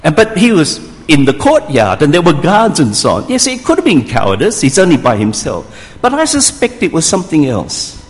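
A man's voice: a little high, huge pitch swings, moderate pace. A man preaching a sermon, telling the story vividly and acting out the voices of the people in it. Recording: long hall reverb.

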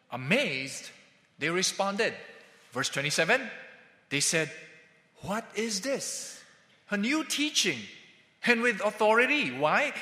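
Male pastor, sermon. Measured and emphatic, slightly high, with a bright edge. Echoing church hall. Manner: emphatic, with drawn-out stressed words and sudden drops in volume. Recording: echoey hall with long reverb.

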